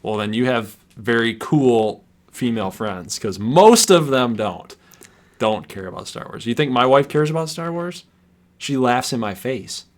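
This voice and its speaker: A man in his thirties with a voice of middling pitch, chatting loosely as a livestream host. He talks with sarcastic, animated energy and breaks into laughter often. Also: a little slow. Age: 30s. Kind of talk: casual banter.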